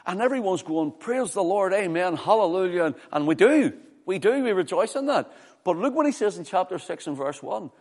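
A man preaching a fervent sermon, his voice sitting a little high for a man. He climbs loud and high at the peaks, then sinks low and quiet for readings. A long reverb trails every phrase. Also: big pitch swings, fairly quick, husky.

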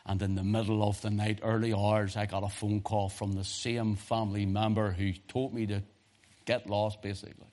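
A man preaching a sermon, telling a personal story in a hushed voice and then rising to loud preaching. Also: lowish voice, little pitch movement, normal speed.

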